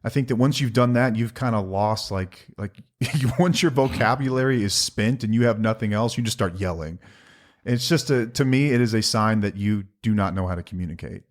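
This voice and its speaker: Low-voiced man co-hosting a podcast. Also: moderate pace. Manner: earnest, joking. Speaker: podcast co-host. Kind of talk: casual conversation.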